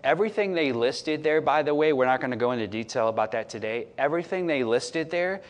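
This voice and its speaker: A man delivering a sermon in a relaxed, chatty way, as if talking with the congregation rather than at it. He swings between quiet, intimate asides and loud, emphatic declarations. His voice sits at an average pitch for a man. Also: fast talker. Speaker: pastor.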